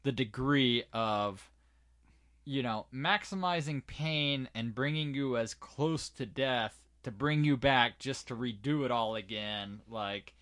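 A man's voice: mid-range voice, takes it slowly, fairly bright tone. A man co-hosting a podcast in casual chat, who swears freely and riffs in a rambling way. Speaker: podcast co-host.

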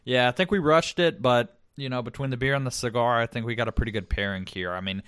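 A man co-hosting a podcast in casual chat, relaxed and chatty with lots of fillers. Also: medium pitch, fast talker, clean tone, no room sound, clean studio sound. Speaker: podcast co-host.

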